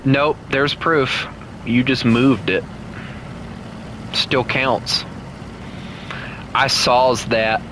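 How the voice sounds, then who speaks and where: A man with a Southern US accent, streaming a game and chatting playfully with co-players, breaking into teasing and high shouts. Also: steady tone, very slow, pauses often, background noise. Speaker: gaming streamer. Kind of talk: casual gameplay chat with co-players.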